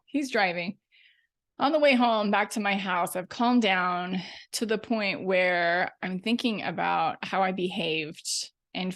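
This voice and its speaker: A middle-aged woman hosts her coaching podcast and tells a personal story in a casual, lively way. Her mid-range voice carries a gravelly fry, and she laughs at herself as she goes. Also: medium pitch. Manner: animated, self-deprecating, laughs often. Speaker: podcast host and life coach.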